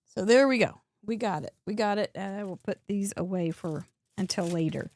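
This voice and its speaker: A woman's voice: mid-range voice, moderate pace, a little mellow, no echo. A woman hosting a live cardmaking show, chatting and exclaiming as she shows viewers' cards. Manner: chatty, exclaiming, with frequent laughs. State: coughing, throat dry. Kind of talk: casual live-stream chat showing viewer cards.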